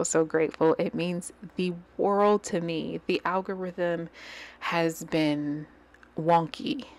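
A low-pitched woman talks casually into a desk microphone at home as she decorates her digital planner. She rambles, gushes, and slips into soft, near-whispered asides. Faint room ambience sits underneath. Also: a little hiss or hum. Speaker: planner channel host.

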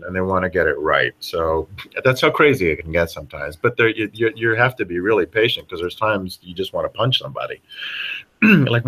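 A middle-aged man, a voice actor guest on a podcast, telling animated stories with a lot of halting restarts. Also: fairly low pitch, a little hiss or hum. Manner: animated storyteller with many restarts. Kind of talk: casual podcast interview.

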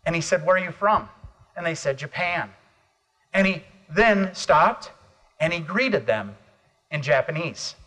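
A middle-aged American man giving an energetic motivational keynote at a conference, calling on the audience for responses. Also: on the high side, unhurried, long pauses. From United States. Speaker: motivational speaker.

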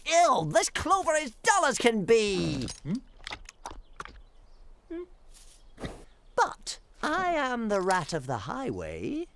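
A woman voicing a greedy, boastful male rat highwayman, demanding and gloating. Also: wildly swooping pitch, slow, fairly bright tone, a little hiss or hum, full character voice. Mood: scornful.

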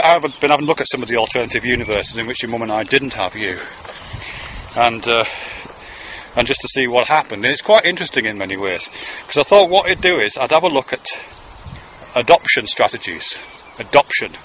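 Man, rambling fatherly monologue, bright tone, faint insects outdoors behind. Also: mid-range voice, slight background noise. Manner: conversational, meandering, swearing casually. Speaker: father speaking to his son.

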